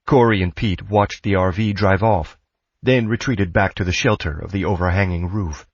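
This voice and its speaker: A man giving a steady, scripted audiobook narration. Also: low voice, normal speed, husky, no room sound, muffled recording.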